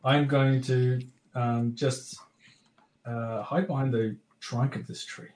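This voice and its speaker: A man's voice: medium pitch, steady tone, takes it slowly, darkish tone. A man playing a tabletop game, describing his character's spell in an easygoing way. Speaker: player. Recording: roomy echo.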